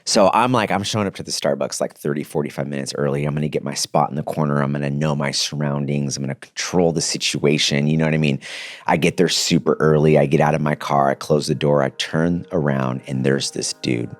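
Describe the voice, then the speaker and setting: A man in his thirties, a podcast guest giving a casual, animated personal testimony, dropping slang as he talks. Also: very deep voice, fairly quick, dry recording, studio quality. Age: 30s.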